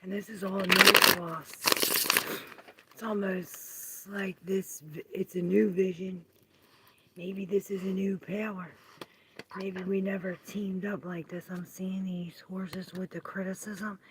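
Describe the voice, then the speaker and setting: A woman giving a live-streamed tarot reading, musing aloud and often drifting into soft half-whispers. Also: medium pitch, little pitch movement, slow pace, background noise. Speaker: tarot reader.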